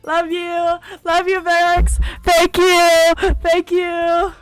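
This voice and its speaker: A woman streamer reading a visual novel live, playful and laughing often, with a hoarse throat. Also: very high voice, completely flat delivery, extremely slow, no room sound, soft background music.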